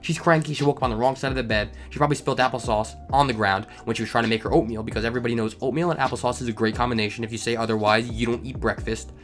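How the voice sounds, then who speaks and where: Fast-talking man ranting over reddit stories. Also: medium pitch, soft background music. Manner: animated, ranting asides. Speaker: storytime channel host. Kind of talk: reading online stories with comedic commentary.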